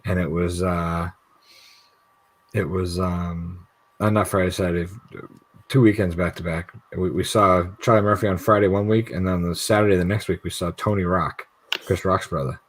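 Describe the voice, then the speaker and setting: A man with a deep, slightly husky voice chats on a livestream. He tells stories loosely, swearing often and acting out the voices of people in them. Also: fairly even intonation, moderate pace. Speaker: livestream co-host. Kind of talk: casual chat.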